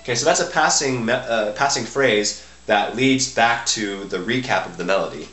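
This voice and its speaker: A man teaching violin, explaining musical phrasing in a halting way and often restarting his sentences. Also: lowish voice, fairly bright tone, faint music behind. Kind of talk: instructional explanation between playing. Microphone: camera mic. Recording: echoey room with violin playing.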